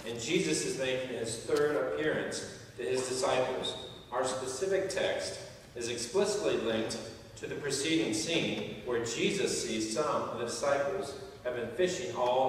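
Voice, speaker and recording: A man's voice: mid-range voice, distant mic, slight background noise. A man preaching a sermon as pastor, telling stories and jokes and acting out the voices of the people in them. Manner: storytelling with jokes, acts out quoted voices. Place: large church sanctuary. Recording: echoey church hall heard from afar.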